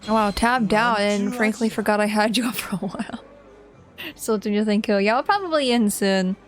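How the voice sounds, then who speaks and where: A woman's voice: mid-range voice, moderate pace, soft background music. A woman streaming a video game, chatting casually and animatedly as she plays, often breaking into laughter. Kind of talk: casual gameplay commentary.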